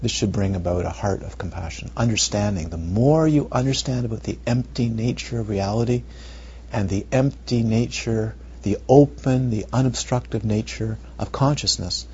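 A male meditation teacher giving a dharma talk, animated and rhetorical, sometimes dropping to near whispers, on a muffled recording. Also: on the low side. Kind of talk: dharma talk to retreat students. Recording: muffled lo-fi recording with faint noise.

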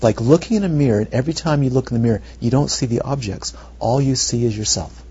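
A male meditation teacher giving a dharma talk, animated and rhetorical, sometimes dropping to near whispers, on a muffled recording. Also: mid-range voice, quick pace, slightly rough. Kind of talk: dharma talk to retreat students. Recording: muffled lo-fi recording with faint noise.

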